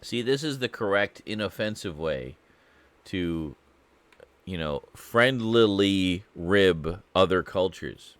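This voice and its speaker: A man from Canada chats casually during a live stream, joking, mocking himself, and talking to an absent chat. His low-pitched voice is animated, slow, fairly bright, clear and resonant, in a dry recording.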